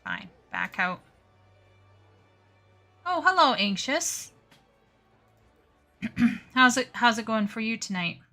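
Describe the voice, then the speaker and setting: A woman's voice: mid-range voice, wildly swooping pitch, a little slow, sharp tone, faint music behind. A woman chatting casually with her viewers while gaming on a live stream, often flustered and stammering. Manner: chatty, flustered, talks to chat while playing. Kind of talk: casual gaming livestream chat.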